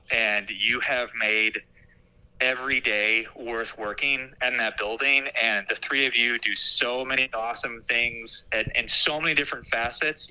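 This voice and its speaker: Bright-voiced earnest man in his thirties. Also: mid-range voice, low-quality recording. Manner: earnest and heartfelt, repeats words as he starts over. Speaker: school administrator guest. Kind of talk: casual interview.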